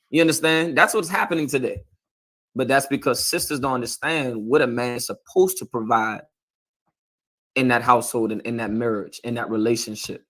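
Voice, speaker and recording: A man's voice: medium pitch, pushed and bright. A man preaching a confrontational sermon as a street preacher, lecturing his listeners and often asking "You understand?".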